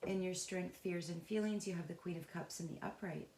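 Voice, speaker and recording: A woman with a fairly low voice gives an unscripted tarot reading. She speaks in a halting, searching way, pausing and restarting as she feels her way through the cards, earnest and emotionally invested. The sound carries a noticeable room echo. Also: fairly even intonation, background noise. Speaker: tarot reader.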